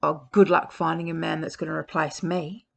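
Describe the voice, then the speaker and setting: A woman's voice: deep voice, fairly even intonation, normal speed, vocal fry, exaggerated voice. A woman voicing a manipulative male ex-partner, quoting his bitter, mocking retorts to a partner who is leaving. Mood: bullying. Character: manipulative male ex-partner, pleading then bullying.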